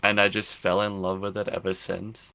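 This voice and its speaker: A man's voice: deep voice, completely flat delivery, moderate pace, vocal fry, bright, forceful tone, smooth. A young adult man, a filmmaker and podcast guest, chatting casually and rambling with frequent restarts. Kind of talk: casual interview chat.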